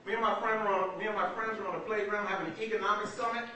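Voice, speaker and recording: A young man doing stand-up comedy, telling stories in an animated, conversational way. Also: sits high, very fast. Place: small black box theater. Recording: echoey theater from far off, noisy.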